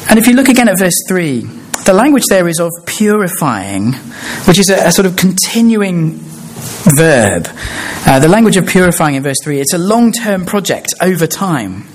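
A man preaching a sermon, explaining a passage in a measured way with frequent hesitations and restarts. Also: sits high, big pitch swings.

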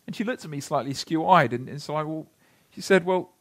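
A man's voice: fairly high pitch, fairly bright tone. Man preaching an earnest sermon. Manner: earnest storytelling, slowing for scripture. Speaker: pastor.

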